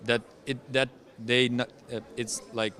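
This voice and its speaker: A young man with a Ukrainian accent, a veteran guest speaking English as a second language in an interview, talking in halting phrases full of fillers and restarts. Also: mid-range voice, little pitch movement, a bit bright. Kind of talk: interview testimony.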